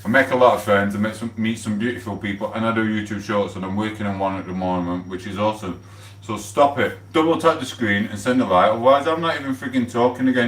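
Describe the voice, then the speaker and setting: A man with a Sheffield accent, chatting casually on a live stream, rambling and swearing with loud outbursts. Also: fairly low pitch, fast, echoey room, far from the mic. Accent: Sheffield, South Yorkshire. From England.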